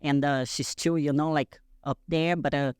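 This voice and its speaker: A woman's voice: low-pitched, steady tone, normal speed, darkish tone, smooth, no room sound. Woman, 30s, talking casual on a podcast, lots of "like" and "you know", dry close mic. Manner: chatty, many fillers. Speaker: guest. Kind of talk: casual interview chat. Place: studio, podcast.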